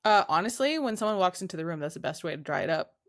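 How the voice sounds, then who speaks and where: Woman, podcast co-host, slightly low voice, laid-back, lots of "like". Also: racing. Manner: relaxed and laid-back, heavy use of "like". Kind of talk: casual chat.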